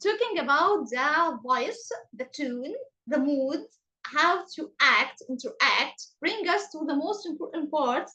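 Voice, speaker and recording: A woman with an Egyptian accent teaching English intonation in an online class over a video call, speaking slowly and emphatically. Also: bright, forceful tone, poor audio. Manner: slow, emphatic, exaggerated rising and falling pitch.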